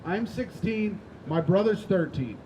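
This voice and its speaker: A young man with a high voice does stand-up on a rooftop and talks the crowd through a story. His delivery is loose and conversational, peppered with "like" and "right?". A faint outdoor hum sits under the voice. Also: lively intonation, unhurried, dark tone, rough recording. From United States. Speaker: stand-up comedian. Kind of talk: stand-up comedy set.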